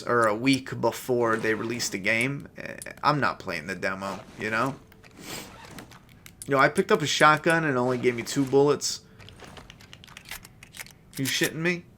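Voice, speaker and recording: Congested dude cursing casually over a game, mid-pitched, faint hiss behind. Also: male voice, pushed and bright. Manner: chatty, profane, laid-back. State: stuffed-up nose. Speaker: gameplay streamer. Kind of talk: casual gameplay commentary.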